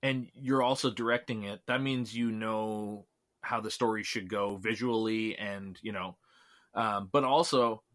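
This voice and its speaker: A man from Canada, a filmmaker guest on a podcast, talking casually and relaxed, laughing often between remarks. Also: fairly low pitch.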